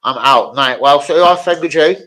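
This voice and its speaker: A man's voice: a little high, normal speed, low-quality recording. A young man, telling crude, swear-filled stories on a live stream. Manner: crude, swearing, animated storytelling. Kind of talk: casual live stream chat.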